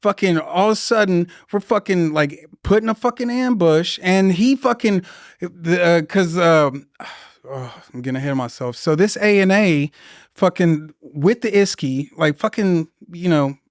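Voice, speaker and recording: A man's voice: sits high, expressive, measured pace, dry recording, clean studio sound. A young man, a veteran guest on a podcast, telling rambling, profanity-laced stories in casual conversation. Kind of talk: casual storytelling interview.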